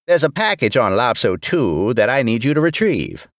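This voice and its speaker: A man's voice: mid-range voice, sing-song, moderate pace, no echo. A man voicing a distractible older male rear admiral who rambles off topic, in a dry recording. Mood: rambling.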